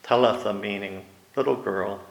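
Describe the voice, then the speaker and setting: A man preaching a sermon, slow and deliberate, growing animated when he acts out the scene. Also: lowish voice, gravelly, echoey room, highs cut off, slight background noise.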